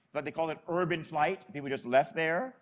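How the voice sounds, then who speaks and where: A man's voice: fairly high pitch, fairly quick. A man from Florida, a Catholic priest, telling a story in a sermon in a chatty, folksy way.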